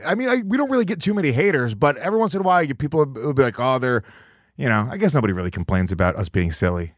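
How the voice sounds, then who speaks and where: A man's voice: mid-range voice, very animated, very fast, no room sound, studio quality. A man hosting a podcast, talking in rambling, self-deprecating banter with plenty of swearing. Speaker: podcast host.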